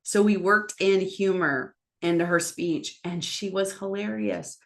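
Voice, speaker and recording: A lively woman with a slightly low voice, coaching a class on public speaking during a live online session. She talks with emphatic encouragement and playfully acts out the lines people say. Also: a little slow. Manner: energetic, acts out quoted lines in different voices.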